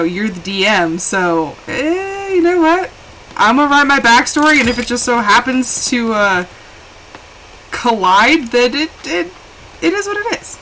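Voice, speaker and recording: A woman chatting casually while live-streaming a game, rambling and quick to laugh, switching between hushed asides and excited bursts. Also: on the high side, slight background noise, rough recording.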